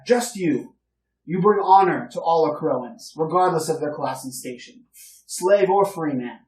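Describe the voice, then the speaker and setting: A man voicing a boastful older nobleman who gushes praise in a loud, effusive, condescending way. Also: a little high, voice pushed up. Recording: roomy, distant mic.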